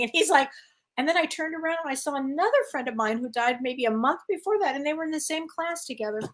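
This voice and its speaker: A woman's voice: high voice, fast talker. A woman guest in a casual spiritual chat, telling stories eagerly and affirming often. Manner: animated storyteller, eager affirmations.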